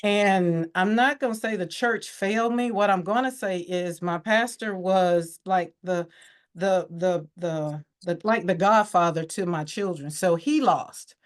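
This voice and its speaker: A woman with a fairly low voice speaks as a podcast guest, telling her own story. She sounds candid and reflective, and her voice comes alive when she acts out what others said. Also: unhurried. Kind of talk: personal storytelling interview.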